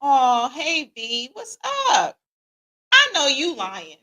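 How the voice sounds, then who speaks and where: A middle-aged woman reads out viewer comments while hosting a casual livestream as a podcast host. Her voice is slightly high, and she takes her time, speaking in a lively, slangy, joking manner.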